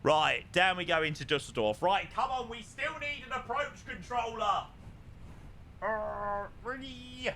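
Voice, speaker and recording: A young man with a bright, ringing tone and a lively, swooping delivery, pitched a touch high for a man. He chats casually with his viewers, reads their messages aloud and hums little tunes between thoughts. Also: a little slow, creaky, slight background noise. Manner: chatty, reads chat aloud and hums to himself. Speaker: flight sim streamer. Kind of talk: casual live-stream chat.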